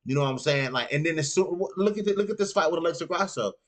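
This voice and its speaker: Speaking very fast with lively intonation and a voice on the high side, a man runs a casual fight recap livestream. He talks loosely, sounding groggy from the morning and repeatedly saying "you know what I'm saying."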